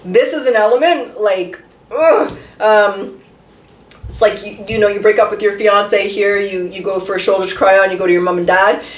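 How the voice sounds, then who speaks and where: A woman's voice: mid-range voice, steady tone, a little fast. A woman giving a casual tarot reading, talking chattily with lots of rhetorical questions and the odd swear word. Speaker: tarot reader. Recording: roomy echo, voice a bit far from the mic.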